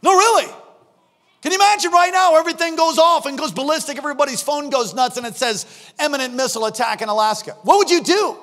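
A man in his fifties, a pastor preaching a sermon in church, animated and prone to acting out scenes with sudden shouts. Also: very high-pitched, quick pace. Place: church sanctuary. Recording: long reverb of a large hall.

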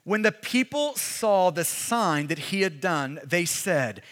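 A pastor preaching a sermon with emphatic, repetitive delivery that builds to shouts, recorded in a large hall. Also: male voice, high-pitched, sing-song, slow, hardly any pauses. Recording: long hall reverb.

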